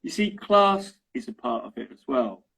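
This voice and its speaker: Husky Estuary English man, chatty. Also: mid-range voice, big pitch swings, moderate pace, fairly bright tone, low-quality recording. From London. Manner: chatty, keeps checking in with "right?" and "okay?". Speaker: English teacher, interview guest. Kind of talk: casual explanatory chat.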